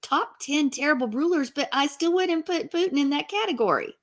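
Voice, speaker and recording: A woman's voice: high-pitched, expressive, brisk. A woman co-hosting a casual game chat, playful and chatty. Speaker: co-host.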